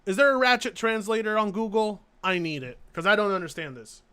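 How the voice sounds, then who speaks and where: A man's voice: high-pitched, brisk, pushed and bright, clear, resonant tone. A man streaming live, reacting to videos with sarcastic, incredulous commentary. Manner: sarcastic, incredulous, laughing asides.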